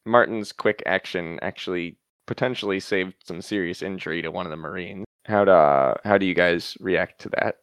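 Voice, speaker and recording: A man narrating as game master of a tabletop role-play, relaxed and hesitant, with frequent fillers. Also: deep voice, normal speed, few pauses, clear, resonant tone, no room sound.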